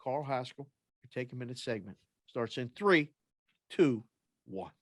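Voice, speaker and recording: A man's voice: medium pitch, expressive, unhurried, no room sound. A man hosting a sports podcast, chatting in an upbeat way and plugging the show's segments. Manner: upbeat, chatty, plugs the show. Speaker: podcast host. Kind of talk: casual podcast chat.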